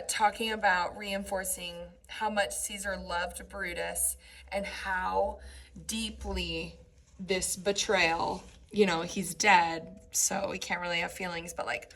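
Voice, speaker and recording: A woman's voice: mid-range voice, fairly bright tone, low-quality recording. A woman teaching a class, reading lines of verse and explaining them in casual asides full of "right?" and "um". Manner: reads verse aloud between plain explanations. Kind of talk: classroom lecture on a play.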